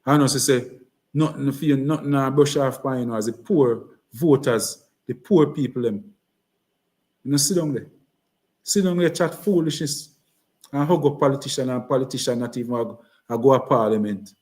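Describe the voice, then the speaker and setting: A man's voice: mid-range voice, moderate pace, darkish tone. Jamaican guy fired up at a political rally, repeats himself a lot, patois creeping in. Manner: impassioned, repetitive, switches into patois. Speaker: political speaker. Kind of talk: campaign speech.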